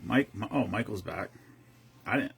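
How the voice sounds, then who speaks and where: Rambling, husky man in his fifties. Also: lowish voice, animated, normal speed, a bit bright. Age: 50s. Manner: rambling and profane, with frequent restarts. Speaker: streamer host. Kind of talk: casual chat.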